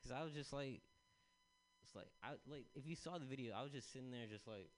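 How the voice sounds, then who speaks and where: A man's voice: medium pitch, brisk, poor audio. A man telling a rambling stand-up story, swearing and acting out the people he quotes. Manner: animated, swearing, acts out quotes. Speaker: stand-up comedian.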